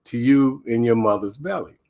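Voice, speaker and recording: Older man, relaxed family storyteller, chuckles, video call, casual chat. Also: medium pitch, normal speed, creaky. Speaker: guest, father of the host. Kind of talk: casual family conversation on a web show.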